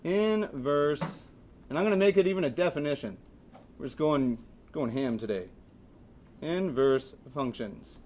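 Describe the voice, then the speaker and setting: A man's voice: mid-range voice, very animated, fast talker, a little mellow, a little hiss or hum. A man teaching a math class in a classroom, chatty and joking, asking his students questions as he lectures.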